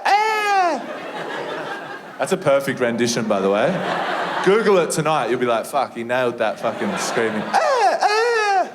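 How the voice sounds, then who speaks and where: A young man with an Australian accent performing a stand-up set, telling an animated, sweary story and breaking into shrieked impressions. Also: on the high side, background noise. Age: young adult. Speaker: stand-up comedian. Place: comedy venue stage with a live audience. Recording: live room with audience laughter.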